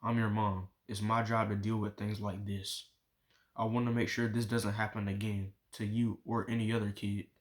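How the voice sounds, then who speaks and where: Caring firm mom, man reading her lines in a low flat voice, storybook reading. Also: normal speed, lightly acted. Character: caring adult mother, protective and firm.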